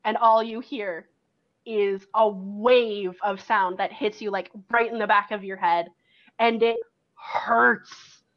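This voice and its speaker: A woman's voice: mid-range voice, fairly even intonation, slow pace. A woman game master narrating a tabletop game in second person, in a loose way full of likes and ums. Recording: dull lo-fi recording.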